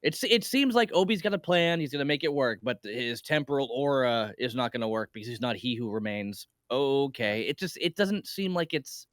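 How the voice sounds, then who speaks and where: A man's voice: medium pitch, animated, moderate pace, hardly any pauses, fairly bright tone, dry recording, studio quality. A man co-hosting a casual review podcast who rambles, laughs often and acts out scenes in quotes. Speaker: podcast co-host.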